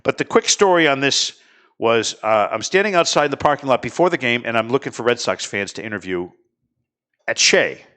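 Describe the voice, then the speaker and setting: A middle-aged man hosting a casual talk show, telling lively stories and chatting with his guests. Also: medium pitch, brisk. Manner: chatty, animated anecdote teller. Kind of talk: casual studio chat and storytelling.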